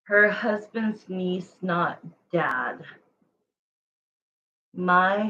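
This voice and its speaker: Slow-talking woman tarot reader, chatty. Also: fairly low pitch, fairly bright tone, muffled recording. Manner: chatty, rambling, self-correcting, answering viewers. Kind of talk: casual livestream tarot reading.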